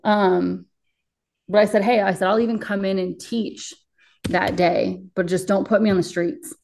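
A woman's voice: mid-range voice, fairly even intonation, normal speed, gravelly, a little mellow, a little hiss or hum. A young woman paramedic recounting her experiences in an interview, bluntly and emotionally, with frequent swearing. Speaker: paramedic guest. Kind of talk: candid interview storytelling.

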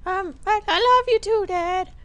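A man putting on a timid little boy in a game commentary, pitched far above a grown man's voice. The boy sounds squeaky and apologetic, and his words come out slow and drawn out. His tone is bright and clean. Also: exaggerated voice. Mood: meek, pleading. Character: meek young boy, the player's son.

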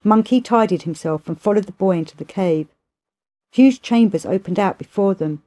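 A woman reading a classic novel aloud as steady, measured storybook narration. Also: mid-range voice. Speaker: audiobook reader.

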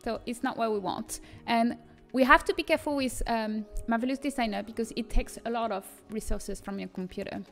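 On a livestream, a young woman with a French accent and a high, light voice shows viewers how to use a 3D design tool while teaching custom content. She talks a little fast with a creaky edge and few pauses, laughing often and stopping to read chat aloud. Soft music plays faintly in the background of this casual tutorial.

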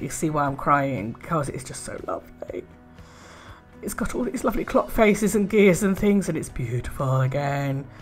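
A woman chatting casually in a craft haul video, gushing with soft admiring murmurs and little laughs. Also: very deep voice. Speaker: art and craft vlogger.

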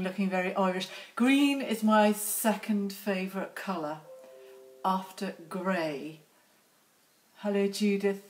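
A woman's voice: medium pitch, takes it slowly. A middle-aged woman hosting a casual live stream outdoors on her phone, chatty and teasing as she greets viewers by name. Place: outdoors near lambs.

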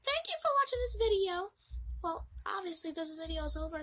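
A woman's voice: extremely high pitch, very animated, fairly quick, a bit bright. A woman hosting a casual video outro, pleading with viewers to like and comment. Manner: pleading, chatty. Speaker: video host.

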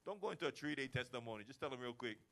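A man preaching a lively sermon to his church, acting out everyday chats as he goes. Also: medium pitch, very fast. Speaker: pastor. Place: church service.

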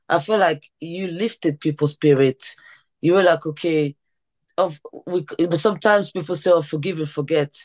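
A woman who works as a teacher, hosting a podcast interview, enthusiastic and often restarting her sentences. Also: fairly low pitch. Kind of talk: conversational interview.

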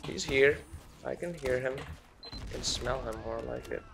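A man's voice: mid-range voice, unhurried, vocal fry, background noise. A man doing a celebrity impression while commentating a game, meandering and self-mocking and easily sidetracked. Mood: rambling. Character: slow, gravelly, rambling celebrity-impression man.

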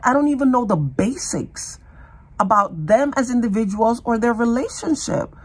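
A woman in her fifties with a raspy, nasal voice from a cold, giving slow, earnest commentary to the camera for her vlog. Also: a little high, sing-song. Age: 50s. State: hoarse from a cold. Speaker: vlogger.

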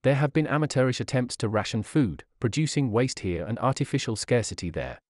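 A man reading a nonfiction audiobook aloud as narrator, with an expressive, pointed delivery and a sardonic edge. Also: mid-range voice, a little fast, no room sound, clean studio sound.

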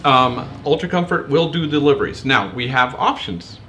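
A man's voice: medium pitch, moderate pace, slight background noise. A man from Texas, co-hosting a casual question show in a playful, teasing way. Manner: upbeat, teasing, lively intonation. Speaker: co-host of a store's question show. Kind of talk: casual chat.

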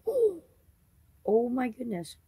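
A woman's voice: a little high, wildly swooping pitch, takes it slowly, mellow, breathy edge, no echo. A woman hosting her crafting channel, chatting casually through an unboxing and gushing over each item with little gasps.

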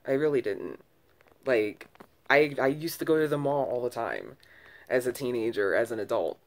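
A woman's voice: extremely low pitch, expressive, moderate pace. Rambling candid woman vlogger. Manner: rambling, candid, frequent restarts and self-corrections; sighs between thoughts. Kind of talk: casual early-morning ramble to camera.

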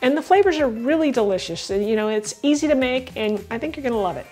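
A woman's voice: on the high side, expressive, fast talker, warm tone, soft background music. A woman hosting a home cooking demonstration in an upbeat way, throwing in corny chef jokes. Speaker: cooking show host.

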